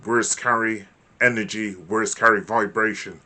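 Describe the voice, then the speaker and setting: A man's voice: on the low side, steady tone, measured pace, sharp tone. A man hosting his own channel, giving a lecture-style monologue in an emphatic, repetitive way and often checking in with the listener. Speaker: channel host.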